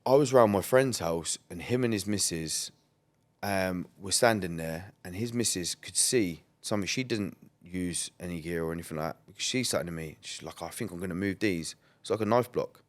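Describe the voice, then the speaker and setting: A podcast guest from England with a very low-pitched voice tells his story at normal speed. His rambling, candid delivery is full of "like" and "um", blunt, and sprinkled with the odd swear.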